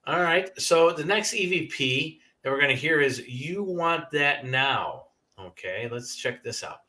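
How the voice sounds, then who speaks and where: A man's voice: fairly high pitch, expressive, measured pace, sharp tone. A man hosting a paranormal podcast, chatty and enthusiastic as he leads each segment. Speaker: podcast host. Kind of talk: casual interview chat.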